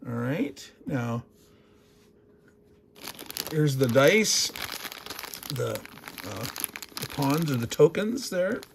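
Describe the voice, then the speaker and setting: A man's voice: medium pitch, very animated, very slow, creaky, pauses often, background noise. A man hosting a board game unboxing, talking casually, wandering off into digressions and chuckling as he goes. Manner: rambling, digressive, chuckles often.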